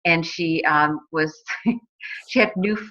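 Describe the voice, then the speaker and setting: Chatty bright-voiced woman in her forties. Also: low-pitched, takes it slowly. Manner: chatty, many fillers and restarts. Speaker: guest telling her story. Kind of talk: casual personal testimonial. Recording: dull lo-fi recording.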